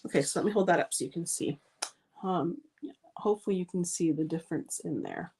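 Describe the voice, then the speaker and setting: A woman's voice: on the low side, brisk, a little mellow, a little hiss or hum. Chatty woman hosting a crafting demo. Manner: chatty, gushing, frequent ums. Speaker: card-making channel host. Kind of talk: live crafting demonstration.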